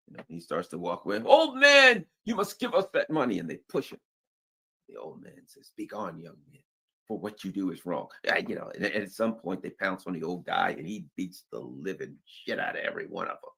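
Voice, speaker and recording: A middle-aged man giving casual, rambling political commentary in a slangy, animated way. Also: mid-range voice. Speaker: news commentary host.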